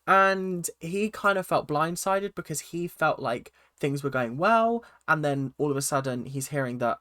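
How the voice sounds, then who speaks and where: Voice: medium pitch, expressive, measured pace, hardly any pauses, pushed and bright, no room sound, clean studio sound. A speaker giving a casual, chatty recap of a reality TV episode and acting out quotes in silly voices. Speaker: reality TV reaction vlogger.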